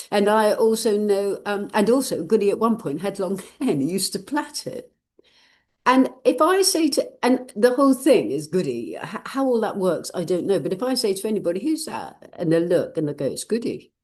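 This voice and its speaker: Chatty older woman, low and lively. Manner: chatty, laughs often, rambling asides. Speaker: channeler and vlog host. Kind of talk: casual personal chat to viewers.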